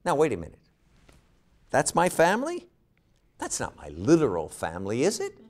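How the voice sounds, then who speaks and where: A man's voice: mid-range voice, huge pitch swings, normal speed. A man teaching a Bible study lecture, often asking rhetorical questions and repeating words as he thinks.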